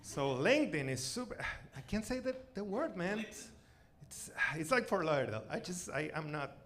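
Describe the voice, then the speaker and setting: Stand-up comic, 40s man, Venezuelan accent, animated and self-mocking, fairly high voice, faint room noise. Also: normal speed. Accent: Venezuelan Spanish. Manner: animated, self-mocking, swings between loud outbursts and mutters. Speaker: stand-up comedian. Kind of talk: stand-up comedy set. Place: comedy theater stage.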